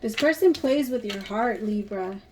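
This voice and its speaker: A woman's voice: medium pitch, lively intonation, unhurried, noisy background. A woman giving a casual tarot reading to camera, talking bluntly and emphatically and swearing freely. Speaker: tarot reader.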